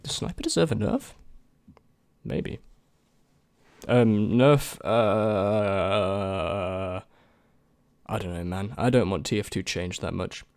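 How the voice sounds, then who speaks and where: Low gravelly young man, rambling. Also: takes it slowly, long pauses, a little mellow, no room sound. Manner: rambling, hesitant, full of restarts. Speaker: YouTube creator. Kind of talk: casual chat answering viewer questions.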